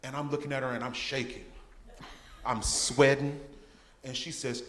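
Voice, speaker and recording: A man's voice: mid-range voice, level tone, moderate pace, long pauses, fairly bright tone, slight background noise. A man giving a guest testimony at a church service, telling his story with humor and laughter. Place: church sanctuary. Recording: echoey church hall.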